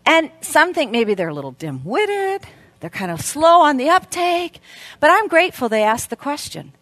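A middle-aged woman preaching at a women's event, shifting between hushed, slow emphasis and lively, loud storytelling. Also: high voice, no room sound. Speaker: speaker at a women's Christmas event. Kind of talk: sermon.

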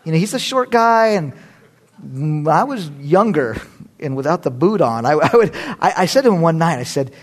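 Animated, husky-voiced male pastor. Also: on the high side, normal speed. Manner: animated, conversational, self-deprecating humor. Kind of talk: storytelling sermon.

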